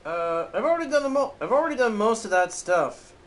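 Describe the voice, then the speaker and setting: A man's voice: high-pitched, very animated, a little fast, poor audio. A man streaming a game, chatting casually with viewers and repeating himself as he answers chat. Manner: puts on a playful accent for fun. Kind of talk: casual chat while playing.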